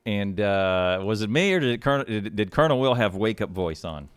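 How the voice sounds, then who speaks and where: A man hosting and casting a game match on a live stream, chatty and quick to laugh. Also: lowish voice, lively intonation, smooth, no echo. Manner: chatty, with lots of laughs and restarts. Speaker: shoutcaster and match host. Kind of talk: casual live stream talk.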